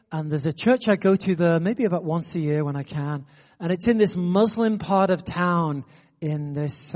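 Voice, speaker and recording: A man preaching a sermon, telling a story with animated energy. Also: sits high, in a large hall. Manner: animated, building excitement in anecdotes.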